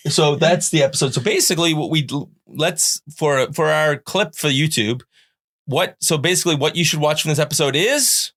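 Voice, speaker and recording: A man's voice: fairly high pitch, moderate pace, a bit bright. A middle-aged man from Canada hosting a casual podcast, rambling through show plugs and teasing his guest. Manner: rambling plugs, playful sound-effect buzzers. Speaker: podcast host.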